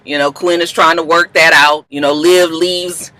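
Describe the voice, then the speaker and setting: A woman casually recapping a TV episode in an animated, chatty way, swearing freely and acting out the characters. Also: low-pitched, moderate pace, no echo, poor audio. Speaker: TV recap YouTuber.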